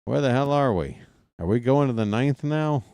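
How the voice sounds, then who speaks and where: A man doing casual live baseball play-by-play from his apartment, wisecracking and drifting into asides between pitches. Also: lively intonation, normal speed, darkish tone, clear, resonant tone, no echo. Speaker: play-by-play broadcaster. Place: home apartment.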